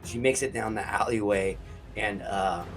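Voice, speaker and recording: A man hosting a casual movie review from his basement studio, talking in a loose, excitable, profane way. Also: lowish voice, measured pace, music in the background.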